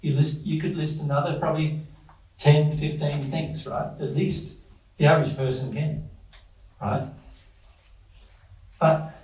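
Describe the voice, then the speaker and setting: A man's voice: a little high, level tone, measured pace, long pauses, darkish tone. A man leading a group workshop, quizzing his listeners in a chatty way with self-deprecating asides. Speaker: workshop presenter. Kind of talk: interactive group teaching. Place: indoor room with a group. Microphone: distant room mic. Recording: roomy, distant, dull lo-fi audio.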